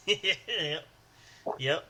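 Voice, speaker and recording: A man's voice: fairly high pitch, lively intonation, extremely slow, bright, forceful tone. A man co-hosting a casual podcast chat who laughs often and breaks into stammering movie impressions. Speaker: podcast co-host.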